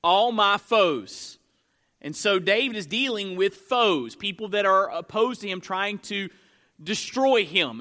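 A man's voice: high voice, sharp tone. A man preaching a sermon, asking the congregation rhetorical questions and using frequent fillers and restarts. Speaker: pastor.

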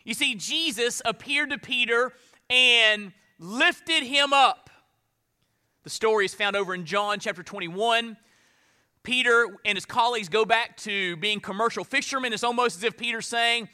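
Bright, high-voiced preaching man. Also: moderate pace. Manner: dynamic preaching, drops to hushed tones for emphasis. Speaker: pastor. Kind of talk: sermon.

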